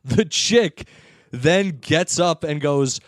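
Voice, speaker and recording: Animated man telling a wild story. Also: slow pace, no echo, studio quality. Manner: animated storyteller, acts out quoted people with big pitch jumps. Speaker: podcast host. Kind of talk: casual storytelling chat.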